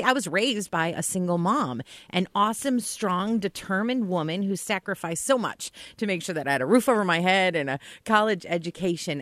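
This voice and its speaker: Upbeat lady morning radio host, a bit low pitched, dry mic. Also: no room sound. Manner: earnest, encouraging, upbeat. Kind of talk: radio talk.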